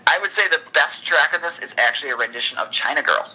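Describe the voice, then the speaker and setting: A man's voice: on the high side, expressive, sharp tone, breathy edge, poor audio. A man co-hosting a podcast in casual chat, rambling and correcting himself as he goes. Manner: rambling, chatty, quick self-corrections. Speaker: podcast co-host.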